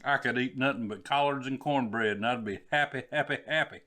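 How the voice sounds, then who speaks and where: A man's voice: medium pitch, brisk, pushed and bright. A man with a Southern US accent, hosting a casual cooking vlog in a folksy way and calling his viewers y'all. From Southern United States. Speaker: cooking vlogger.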